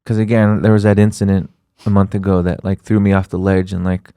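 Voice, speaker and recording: A man's voice: low-pitched, flat delivery, fairly quick, warm tone, clean tone, no echo. A man co-hosting a podcast, talking in an earnest, rambling way, with small jokes. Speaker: podcast co-host. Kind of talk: casual chat.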